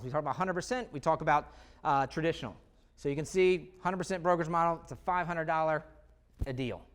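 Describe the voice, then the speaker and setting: Upbeat higher-voiced man pitching a business. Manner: energetic, conversational, rhetorical questions. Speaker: real estate presenter. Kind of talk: live sales presentation.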